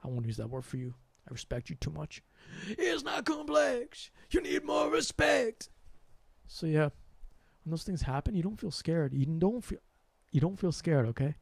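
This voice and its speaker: High, gravelly-voiced young man rambling. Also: fairly quick, no room sound. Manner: rambling, animated, slangy. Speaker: host. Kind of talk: rambling spiritual monologue.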